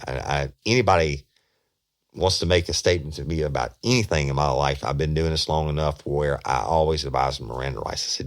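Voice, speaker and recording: A man's voice: rumbling low, quick pace. A man hosting a podcast, telling a police story in a casual, rambling and profane way. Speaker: podcast host, former detective.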